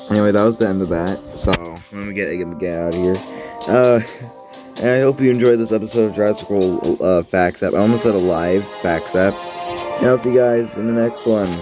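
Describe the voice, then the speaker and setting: A man's voice: on the low side, moderate pace, music in the background. A man giving offhand, rambling commentary while playing an app game, full of fillers and restarts.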